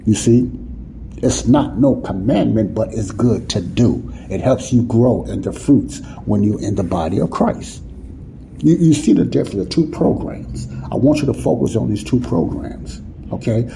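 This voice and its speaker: A man's voice: lowish voice, animated, moderate pace, gravelly, dark tone, slight background noise. A man teaching the Bible in a sermon, talking informally and often checking "you see what I'm saying?". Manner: informal, nonstandard grammar.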